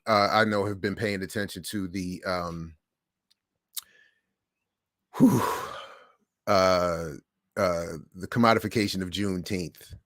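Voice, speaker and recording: A middle-aged man hosting a livestream, telling stories in a casual monologue with animated swings between hushed and loud. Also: fairly low pitch, dry recording, clean studio sound. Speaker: livestream host.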